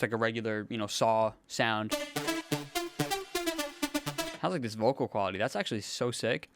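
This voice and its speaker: A young man, a music producer, casually thinking aloud in a relaxed, slangy way as he builds a track in his home studio. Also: mid-range voice. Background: faint synth music playing.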